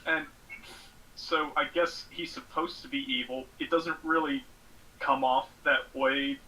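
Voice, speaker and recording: A man's voice: medium pitch, steady tone, a little slow, sharp tone, a little hiss or hum, poor audio. A man in casual podcast chat, speaking hesitantly with frequent fillers. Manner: hesitant, full of fillers and restarts. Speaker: podcast guest.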